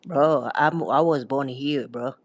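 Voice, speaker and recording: A man's voice: mid-range voice, slow pace, dry recording, dull audio. A man raised in France, calling in to argue, taunting and profane, repeating himself. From Ethiopia, raised in France. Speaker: caller. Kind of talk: heated call-in argument.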